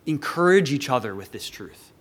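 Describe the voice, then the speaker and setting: A man's voice: mid-range voice, sing-song, moderate pace, slightly rough. A man preaching an earnest sermon, rising with emphasis when he quotes scripture. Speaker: pastor.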